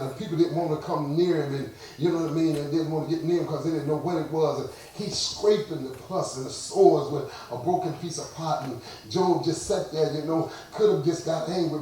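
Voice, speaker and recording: Fervent preacher in an echoey hall. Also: male voice, on the high side. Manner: storytelling preacher, repeats words, builds to louder fervor. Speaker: pastor. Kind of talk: sermon. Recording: echoey church sound from far off.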